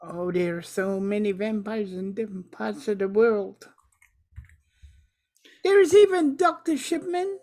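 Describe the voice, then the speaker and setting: Earnest friendly vampire lady playing it, slow and patient, explains stuff. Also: mid-range voice, animated, warm tone, lightly acted.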